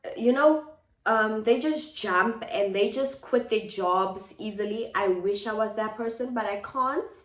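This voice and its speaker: A South African woman with a mid-range voice vlogs from her home kitchen at a measured pace, confiding in her viewers. She talks things through reflectively, circling back to the same phrases. The kitchen gives the recording a noticeable echo.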